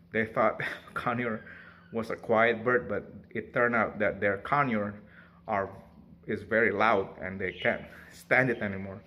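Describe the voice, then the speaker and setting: Chatty man with a bright voice. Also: fairly low pitch. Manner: chatty, laughs often, coos at his bird. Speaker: pet bird owner vlogger. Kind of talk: casual talk to camera.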